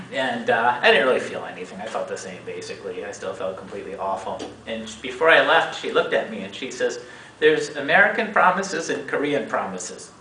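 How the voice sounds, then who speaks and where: Man, 40s, animated storyteller at a meeting, bright voice, lively pitch, echoey room, distant mic. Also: a little hiss or hum. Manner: animated, acts out quoted voices with big pitch jumps. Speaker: speaker at a meeting. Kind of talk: storytelling talk to an audience.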